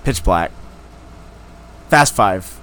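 A young man hosting a podcast, tossing out crude deadpan one-liners in casual chat. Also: lowish voice, very slow, a little hiss or hum. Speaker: podcast host.

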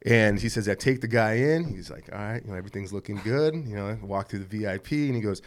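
A man's voice: lowish voice, fast talker. A man telling a long, rambling story in casual, profane chat, laughing as he goes. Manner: rambling, profane, laughs through his stories.

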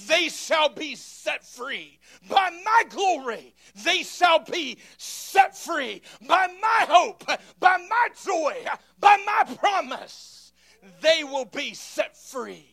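A commanding, booming Jesus, as a preacher acts him out in a sermon, shouting orders at death in a raised, ringing pitch. The voice is bright and forceful, each command hammered out with power. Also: male voice, very animated, takes it slowly, vocal fry, exaggerated voice. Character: commanding adult male Jesus raising the dead.

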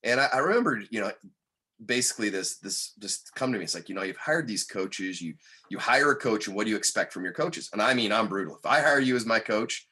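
A man guest on a podcast, telling a personal story in an earnest, candid way that turns animated when he quotes others. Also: lowish voice, a little fast, husky.

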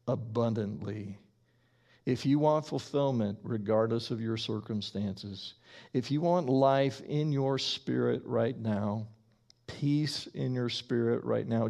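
A man preaching a sermon, slow and emphatic, with deliberate pauses between phrases. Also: medium pitch, gravelly, a little mellow. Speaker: pastor.

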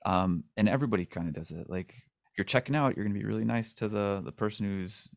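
A man hosting a podcast, chatting loosely and throwing in quick asides. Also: lowish voice, gravelly, no echo, clean studio sound. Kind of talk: casual podcast conversation.

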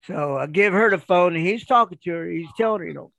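A middle-aged man, a retired performer, telling stories in a casual, animated way and acting out other people's voices. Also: high voice, fast talker, vocal fry, hardly any pauses, no echo.

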